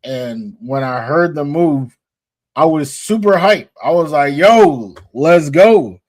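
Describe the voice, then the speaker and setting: Animated slangy man on a podcast. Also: fairly high pitch, measured pace. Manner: animated, slangy, laughs often. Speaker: co-host. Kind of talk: casual sports podcast chat. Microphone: streamed podcast mic.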